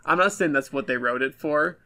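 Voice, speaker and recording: A man's voice: fairly high pitch, brisk, bright, forceful tone. A man co-hosting a casual podcast, giving blunt, self-deprecating critiques of an episode. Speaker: podcast co-host. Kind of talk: casual review chat.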